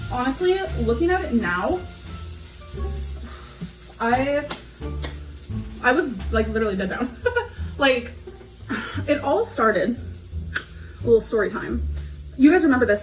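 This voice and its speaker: A young woman vlogging as she cooks in her kitchen, rambling in a loose, casual way, a little out of breath. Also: fairly high pitch. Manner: rambling, heavy use of "like"; talking while cooking at the stove. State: slightly out of breath. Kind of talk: casual vlog talk to camera. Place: home kitchen. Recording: echoey kitchen with background music.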